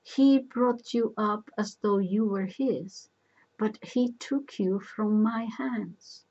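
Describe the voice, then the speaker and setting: A woman voicing a male messenger who speaks in a knowing, insistent way, with a husky voice, in a storybook reading. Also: mid-range voice, slow, warm tone, muffled recording, pitched above the performer's own voice.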